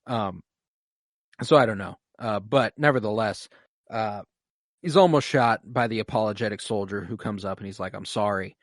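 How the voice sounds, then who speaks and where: A man's voice: on the low side, moderate pace, no echo, studio quality. A man co-hosting a podcast, recapping a TV episode in casual chat and swearing often as he acts out scenes. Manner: animated, swears a lot, acts out scenes emotionally. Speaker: podcast co-host.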